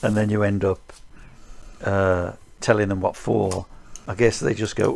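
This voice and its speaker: A man's voice: lowish voice, moderate pace, creaky, darkish tone. A man, a martial arts teacher, talking in casual podcast chat, rambling with dry chuckling asides.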